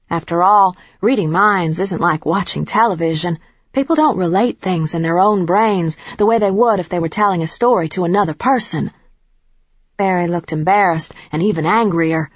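Husky low-voiced woman narrating. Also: normal speed, no echo, dull audio. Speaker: audiobook narrator. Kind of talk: first-person audiobook narration.

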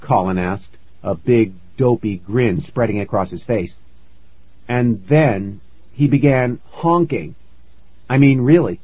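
A man narrating a first-person story in a measured storytelling manner, on a dull, lo-fi recording. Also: mid-range voice, husky, no room sound. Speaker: audiobook narrator.

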